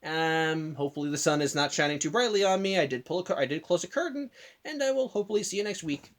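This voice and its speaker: A man with a voice on the high side, expressive and a bit bright, gives a casual spoken video review in an indoor room by a curtained window. He rambles, constantly stopping to correct himself mid-sentence, and acts out the characters' lines in quick bursts.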